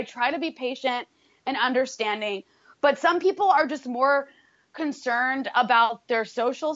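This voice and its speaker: A woman co-hosting a political commentary talk show rants in an exasperated, profane way, full of fillers and restarts. Her voice is high-pitched and a bit bright, in a dry recording with the highs cut off.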